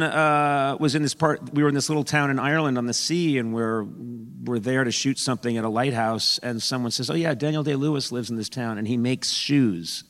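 A man's voice: medium pitch, a bit bright, long reverb tail. A man hosting a talk show interview, jokey and self-deprecating, laughing often. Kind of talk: casual interview chat.

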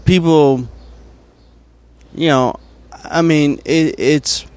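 A man, a comedian guest, talking casually and haltingly, full of fillers and restarts. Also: a little high, fairly even intonation, a little mellow. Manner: hesitant, many fillers and restarts. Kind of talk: casual conversation.

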